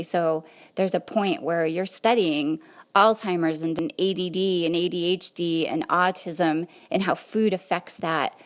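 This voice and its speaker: A woman hosting a podcast, telling a personal story in a conversational, animated way. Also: on the low side. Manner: conversational, animated retelling with quoted asides. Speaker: podcast host.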